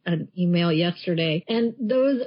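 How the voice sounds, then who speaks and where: Her lowish voice is animated yet measured in pace as she co-hosts a podcast in her role as a life coach. The casual talk is blunt, emphatic, and full of swearing, and the audio sounds muffled and lo-fi.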